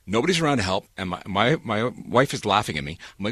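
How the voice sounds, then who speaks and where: A man's voice: sing-song, fast, a bit bright, slightly rough, no echo, clean studio sound. Canadian radio man telling an exasperated comic story. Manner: exasperated, comic, acts out quoted dialogue with big pitch jumps. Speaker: radio morning show co-host. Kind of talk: animated storytelling on morning radio.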